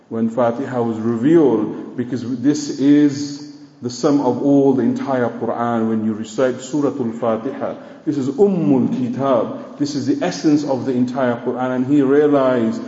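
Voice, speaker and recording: A man preaching a sermon with emphatic, drawn-out words and rising exclamations. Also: medium pitch, steady tone, dark tone. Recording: dull, echoey hall.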